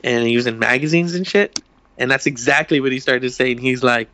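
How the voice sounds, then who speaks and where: A man's voice: medium pitch, a little fast, sharp tone. A young man co-hosting a podcast, telling a story in a rambling way, swearing freely and acting out the quotes. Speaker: podcast co-host. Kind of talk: casual chat, storytelling.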